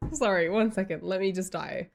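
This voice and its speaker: A woman chatting casually on a livestream, reading chat aloud and telling stories with lots of giggles. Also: medium pitch.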